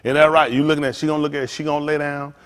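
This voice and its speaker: A middle-aged man pastor, teasing and preaching to his congregation in a joking, animated way. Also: fairly high pitch, rapid-fire. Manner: animated, teasing, talks straight to the crowd. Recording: long hall reverb.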